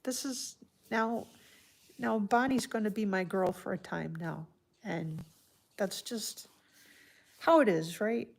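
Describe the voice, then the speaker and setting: A woman hosting a casual livestream from home, chatting softly and heartfelt while answering viewers by name. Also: medium pitch, takes it slowly, gravelly, long pauses. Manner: soft-spoken and heartfelt. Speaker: livestream host. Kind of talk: casual live-stream chat.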